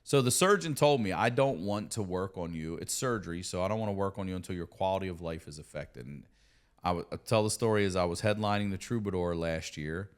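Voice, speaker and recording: Profane storytelling man, low voice. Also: brisk. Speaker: comedian and podcast guest. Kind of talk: casual storytelling. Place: studio.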